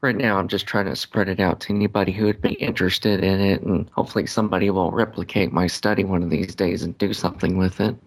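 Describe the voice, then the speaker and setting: Low-voiced male caller, hesitant, full of uhs. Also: fairly even intonation, fast talker, hardly any pauses, rough recording. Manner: hesitant, many fillers. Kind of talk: casual call-in chat.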